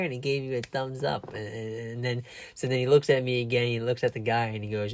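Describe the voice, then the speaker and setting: A man's voice: mid-range voice, steady tone, quick pace. Man, casual vlog storytelling, chatty, a bit tired, stumbles and restarts. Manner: rambling, chatty, with restarts and laughs. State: a little tired. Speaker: vlogger.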